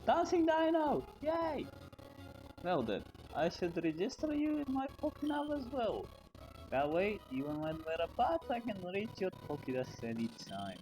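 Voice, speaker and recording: A man voicing a cheery, excitable male professor from a video game, using a high, sing-song put-on accent. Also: moderate pace, rough recording. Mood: cheerful. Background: game music.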